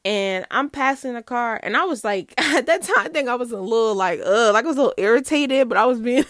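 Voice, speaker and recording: A young woman telling a personal story in casual chat, animated, laughing often and acting out what people said. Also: on the high side, a little fast, dry recording, studio quality.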